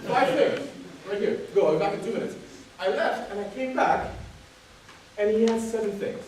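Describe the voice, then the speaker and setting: A man's voice: high voice, normal speed, darkish tone, a little hiss or hum. A man giving a motivational keynote, emphatic, repeating phrases and questioning the audience. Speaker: keynote speaker. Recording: echoey hall, voice picked up from a distance.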